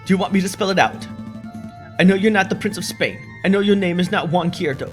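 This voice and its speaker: A man voicing a sharp, stern male falcon defense lawyer, firm and measured. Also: high-pitched, soft background music, close to an everyday voice.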